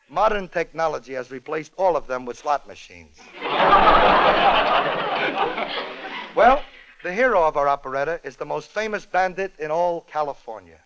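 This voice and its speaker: A man's voice: on the high side, sing-song, slow pace, long pauses, very noisy. A man hosting a comedy show, telling a comic story in a wry, joke-timed way. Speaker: comedy radio host.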